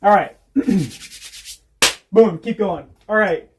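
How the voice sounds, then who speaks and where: Background noise surrounds this man, whose voice sits high and moves extremely slowly. He's a homestead vlogger chatting on a casual livestream, telling rambling, profane stories with laughter mixed in.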